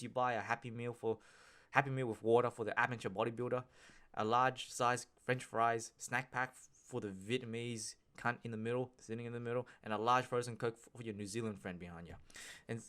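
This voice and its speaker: A man hosts a solo podcast, talking casually and rambling, with frequent restarts, slang and swearing. His voice is medium in pitch and a bit bright.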